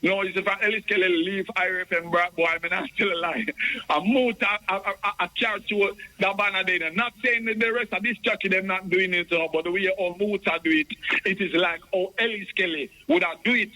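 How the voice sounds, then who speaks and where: A Jamaican man calls in to a radio show and rambles, circling back and stammering through restarts. His voice sits high for a man and sounds bright and sharp. He keeps talking past the host, repeating himself as he goes. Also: fairly quick, low-quality recording. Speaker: radio caller. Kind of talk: call-in radio talk.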